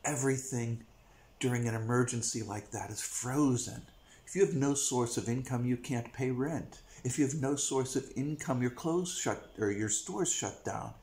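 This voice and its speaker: A man's voice: medium pitch, moderate pace, a little mellow. A man delivering a blunt, repetitive, profane rant to camera as a vlogger. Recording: echoey room.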